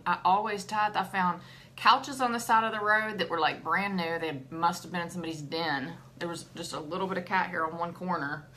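A woman's voice: lowish voice, pushed and bright, a little hiss or hum. A middle-aged woman hosting a casual devotional talk, chatty and laughing often. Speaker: ministry host.

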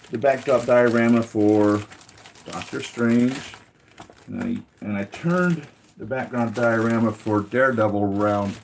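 A man with a low, mellow voice hosts a relaxed toy unboxing stream. He rambles easily, circling back on himself and tossing asides to whoever is watching. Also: slight background noise. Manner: rambling, easygoing, with many restarts and asides. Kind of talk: casual live unboxing chat.

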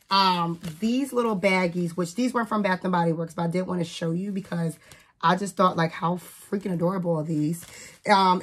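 A woman's voice: fairly low pitch, a little hiss or hum. A young woman from New Jersey, a teacher, chatting casually to camera about the gifts she bought, with lots of "like" and "um" fillers. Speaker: vlogger.

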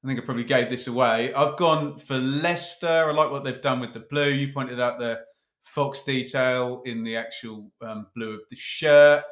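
A man hosting a casual chat, teasing his co-host in a playful, brisk way. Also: mid-range voice, steady tone, a bit bright, reverberant. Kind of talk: casual chat ranking football kits.

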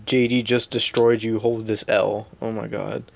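Slow-talking laughing male commentator. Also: on the low side, gravelly, muffled recording. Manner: laughs often while reading comments aloud. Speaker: YouTube commentary host. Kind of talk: casual reaction commentary.

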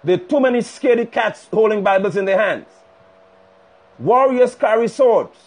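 A man's voice: high-pitched, lively intonation, moderate pace. A man preaching fiercely on a livestream, rebuking and hammering points with repetition. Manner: fiery, rebuking, emphatic repetition. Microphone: phone livestream.

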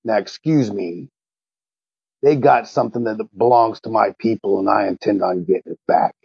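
A man plays a blunt, determined hero in a tabletop game, his voice gravelly and husky. His lines are clipped and resolute, recorded on a dull, dry, lo-fi mic. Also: lowish voice, normal speed, darkish tone, dry recording.

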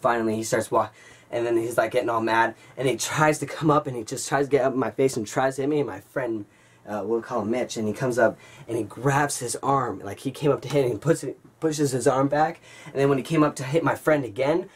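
In a casual vlog, a young man in his late teens excitedly retells a story from his school days, rambling and swearing. His mid-range voice is brisk with a breathy edge.

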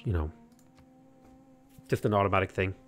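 Soft background music plays while a man from Ireland, voice sitting low and pace normal, gives casual livestream commentary. Reading viewer comments during a strategy game, he wanders off track with frequent "like" fillers and restarts.

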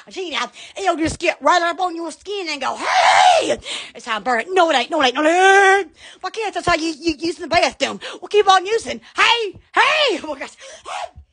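A woman, hosting an excitable, silly livestream that breaks into loud shrieks and laughter. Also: very high voice. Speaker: online shop seller on a livestream. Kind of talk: excitable livestream product chat.

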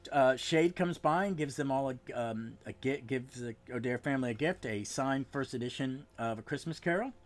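A man hosting a podcast, giving a casual, rambling recap of a comic book issue, with frequent restarts and trailing asides. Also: mid-range voice. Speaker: podcast host.

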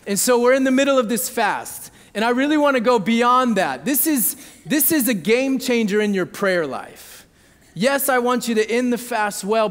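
A man in his thirties preaching a sermon, telling a family story conversationally and often checking in with the audience. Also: extremely high pitch. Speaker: pastor. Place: church hall. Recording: long hall reverb.

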